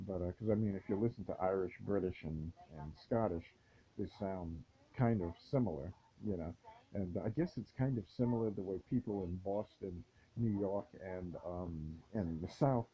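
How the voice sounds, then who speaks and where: A man with a fairly low voice thinks out loud in a loose solo monologue. He stumbles through restarts and fillers and now and then chuckles to himself. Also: lo-fi sound. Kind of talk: rambling casual monologue.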